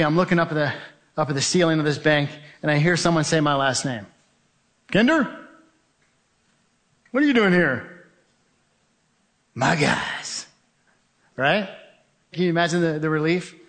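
A man giving a spoken testimony, telling a vivid story and acting out what people said. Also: a little high. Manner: vivid storytelling, acts out shouts and quoted voices. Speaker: speaker sharing a testimony.

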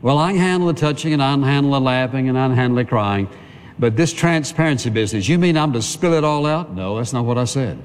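A man delivers a sermon in an earnest, conversational way, stacking phrase upon phrase. His voice sits at a middling pitch. The sound carries the long reverb of a large hall. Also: slight background noise. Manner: earnest, conversational preaching with repetition. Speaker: pastor.

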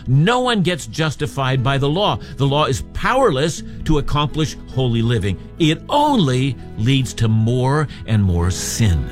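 A man teaching through a Bible passage in a measured, emphatic expository style, as on a radio Bible program. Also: mid-range voice. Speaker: preacher.

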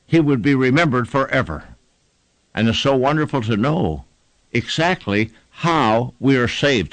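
A man's voice: mid-range voice, no echo. A man preaching a sermon with emphatic, rhythmic repetition and an old-fashioned preaching cadence.

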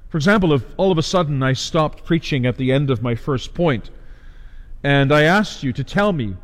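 A man preaching a sermon, emphatic and deliberate, posing questions to his listeners. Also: mid-range voice, animated, big-room sound.

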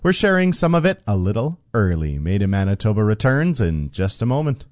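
A man hosting a radio music show, reading smooth scripted links between songs. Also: lowish voice, sing-song, brisk, a little mellow. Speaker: radio host.

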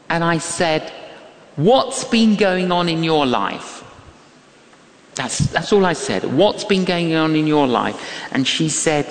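An older man preaches with a high, swooping voice. He takes his time, leaning into each phrase and acting out the people in his stories. His words ring out with the long reverb of a large hall. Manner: animated, emphatic, acts out quoted voices. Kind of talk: sermon with storytelling.

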